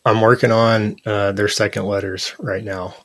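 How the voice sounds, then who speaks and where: A man in his thirties, a podcast guest, telling personal stories in an earnest, animated way with lots of "like" and "you know". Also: fairly low pitch, moderate pace, no room sound. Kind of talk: casual interview conversation.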